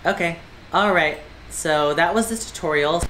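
Female let's-play host, lower voice, jumpy and foul-mouthed, roomy echo with game music. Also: normal speed, fairly bright tone, a little hiss or hum. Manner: jumpy, screams, crude jokes. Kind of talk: casual gaming commentary. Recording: echoey room with game music.

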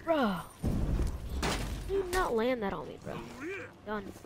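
A woman's voice: a little high, sing-song, slow pace, very noisy. A young woman giving casual gameplay commentary, slangy and stammering as she teases her opponents. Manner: slangy, stammering, mock-trash-talking opponents. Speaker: gamer.

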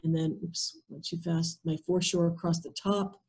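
A woman presenting in an online workshop, methodically walking through a software demonstration over a video call, thinking aloud step by step. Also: on the low side, little pitch movement, moderate pace, slightly rough, poor audio.

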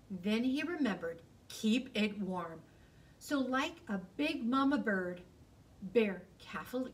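Slow, sing-song woman reading to kids. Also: on the high side, recorded from a distance. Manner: expressive, sing-song storytelling. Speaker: school librarian. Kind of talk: picture-book read-aloud for children.

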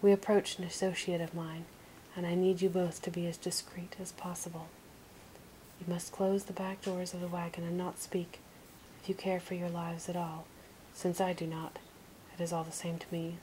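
A woman's voice: fairly low pitch, level tone, moderate pace, dark tone, slight background noise, natural voice, poor audio. A woman voicing a grumpy, scornful little male troll in a nasal, barking manner, as whispered role-play. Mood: bossy. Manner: barking, bossy, sneering.

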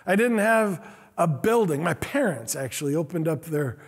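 A man's voice: fairly high pitch, lively intonation, normal speed, husky. A middle-aged man, a pastor, telling a story in a sermon in an earnest, self-deprecating way. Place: church sanctuary.

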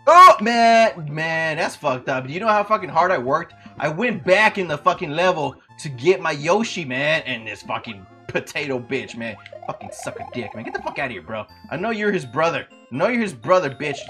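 A man streaming a game with a wildly animated voice that swings into loud, high yelps, cursing at the game and greeting viewers by name. His talk is casual and full of trash talk. Faint music plays underneath. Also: normal speed, few pauses. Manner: loud sudden outbursts jumping high in pitch. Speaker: livestreamer. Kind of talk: casual gaming livestream commentary.

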